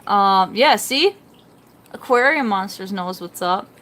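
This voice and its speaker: A woman's voice: mid-range voice, expressive, slow, a bit bright. A young woman chatting casually on a live stream, rambling and reading out chat comments beside her fish tank at home. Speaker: fish-keeping livestreamer.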